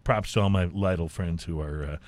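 A man from Texas co-hosting a casual chat, animated and chatty with plenty of fillers. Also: sits low, fairly quick, no room sound. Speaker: co-host.

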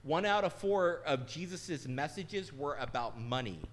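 A man's voice: a little high, animated, unhurried. A middle-aged man, a pastor, giving a sermon in a candid, conversational and self-deprecating way.

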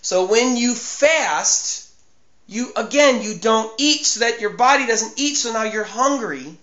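A man's voice: extremely high pitch, lively intonation, unhurried, pushed and bright, echoey room, dull audio. A man preaching a sermon in an earnest, emphatic way, often repeating his phrases. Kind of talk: sermon on fasting.

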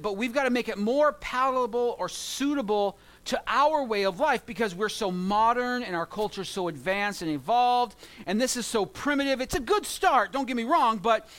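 A man pastor preaching a sermon in a conversational way, slowing down to stress key words. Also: high-pitched, fairly bright tone.

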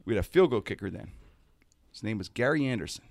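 A man spins a story in loose talk-show chat, his pitch leaping all over the place. His voice carries a gravelly edge, and the sound is close and dry. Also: fast, dry recording. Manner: animated, does comic voices mid-story.

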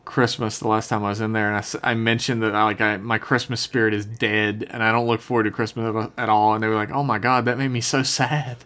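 A man's voice: lowish voice, flat delivery, quick pace, hardly any pauses, fairly bright tone. Wry sarcastic male co-host. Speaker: podcast co-host. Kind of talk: casual banter.

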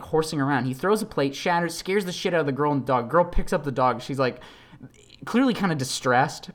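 A podcast host and actor talking casually, with lots of "like", animated retellings and quoted voices. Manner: shifts between excited high bursts and low, quiet asides. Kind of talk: casual monologue.

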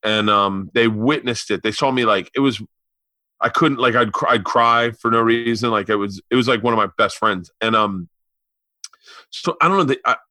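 Bright-voiced man telling a story. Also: mid-range voice, normal speed, no room sound, studio quality. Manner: animated storyteller who acts out quoted voices. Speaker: podcast host. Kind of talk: casual chat, storytelling.

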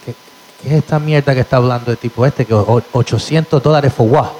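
A man's voice: fairly high pitch, expressive, fairly quick, a little hiss or hum, voice pushed up, close to an everyday voice, rough recording. Man putting on a fiery Spanish-accented mom. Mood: outraged. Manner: exasperated, swearing, switching into Spanish. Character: tough, frazzled middle-aged hairstylist mom.

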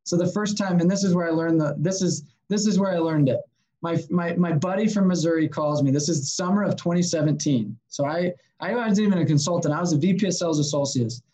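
A man's voice: on the high side, quick pace, low-quality recording. Upbeat man telling business stories. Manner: animated, story-driven, acts out quotes. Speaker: sales consultant and guest. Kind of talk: casual podcast chat, storytelling.

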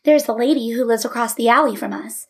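A woman voicing an excited, chatty little girl in a storybook reading. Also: a little high, husky. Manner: eager, quick chatter.

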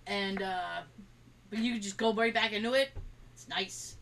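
A woman podcast co-host tells rambling stories in casual chat, acting out the quotes and laughing often. Her voice is medium-pitched and a bit bright at normal speed, but she's far from the mic, with some hiss or hum and poor audio overall.

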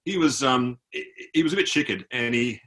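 A man's voice: medium pitch, expressive, brisk, a bit bright. An Australian man, an author, telling an anecdote on a video call and mimicking the people he met. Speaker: author guest. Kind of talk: storytelling in a conversation.

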